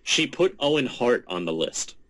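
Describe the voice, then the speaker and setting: A man of middle pitch leads a podcast discussion, sounding indignant as he lays out his complaint. He keeps the talk moving and hands topics to the others. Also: big pitch swings, normal speed, fairly bright tone, poor audio. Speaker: podcast host. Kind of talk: casual debate.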